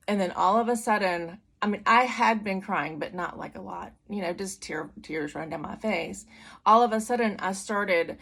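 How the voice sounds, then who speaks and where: A woman's voice: fairly low pitch, vocal fry, fairly bright tone. A middle-aged woman giving a personal church testimony, candid and conversational with many fillers and restarts. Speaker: testimony speaker.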